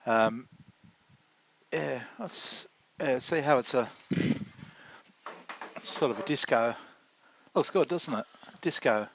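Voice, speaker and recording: A man rambling in a halting, confessional video diary, full of restarts. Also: medium pitch, vocal fry, fairly bright tone. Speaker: vlogger. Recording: dull lo-fi dry recording.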